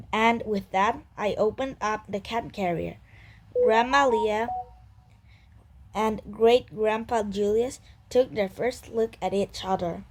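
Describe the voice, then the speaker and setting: A woman reading a children's book aloud in steady storytelling narration. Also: mid-range voice, takes it slowly, rough recording. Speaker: reader.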